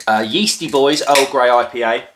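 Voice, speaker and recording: A man's voice: medium pitch, normal speed, background noise. Rambling man making a drink. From Norfolk, England. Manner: rambling, self-deprecating, many filler ums. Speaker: craft beer video host. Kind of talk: casual chat while making a drink. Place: at home, crouched down. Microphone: phone.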